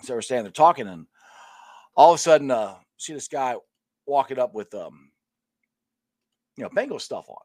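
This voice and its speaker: Lively, chatty sports show host man. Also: mid-range voice, normal speed, long pauses, no room sound, studio quality. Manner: chatty, rambling, laughs often. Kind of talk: casual talk to viewers.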